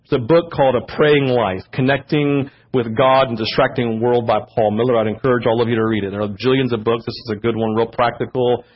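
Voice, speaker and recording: A man preaching a sermon as pastor, growing louder and higher when he gets fired up. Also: steady tone, a little fast, hardly any pauses. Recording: dull lo-fi church audio.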